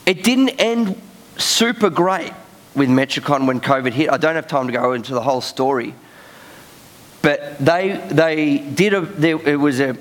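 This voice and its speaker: A young male pastor, preaching by telling a personal story in a chatty, animated way. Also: fairly high pitch, measured pace. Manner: chatty, animated storytelling with frequent laughs and fillers. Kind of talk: sermon storytelling.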